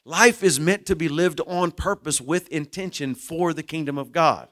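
Earnest preaching man, slightly high voice. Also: normal speed, hardly any pauses. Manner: earnest preaching, swells loud then drops low and emotional. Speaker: pastor. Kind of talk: sermon.

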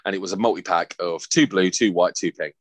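A young man, casually telling a lively, sweary story on a podcast. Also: low voice, fairly quick, no echo. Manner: animated, sweary, laughing anecdote-telling. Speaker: podcast host.

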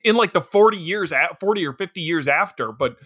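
A man co-hosting a casual movie review podcast, animated and mocking, slipping into goofy impressions. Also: high voice, fairly quick, husky, dry recording, studio quality. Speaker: podcast co-host.

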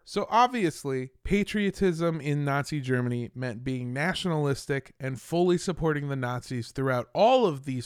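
An American man narrates history on a casual comedy podcast, throwing in crude jokes and asides. His voice is smooth and resonant, sitting a little high. The recording is dry and close. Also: no room sound. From United States. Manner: irreverent, swearing, jokey asides while narrating.

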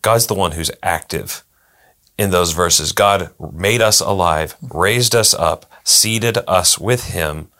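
A man in a casual Bible discussion, explaining the grammar of a passage in a teacherly way with frequent pauses. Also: sits low, pushed and bright. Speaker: Bible study co-host.

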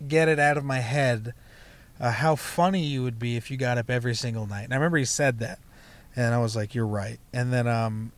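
A young man, a stand-up comedian, telling a loose, profane story from his past in a casual chat, full of fillers like "you know" and "like". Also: medium pitch. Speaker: comedian guest.

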